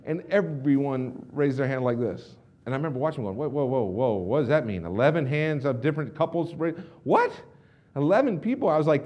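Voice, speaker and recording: A young man giving an energetic storytelling speech to a live audience, acting out quotes with big swings in volume. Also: a little high, fast. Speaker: company president giving a keynote. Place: large hall in front of a live audience.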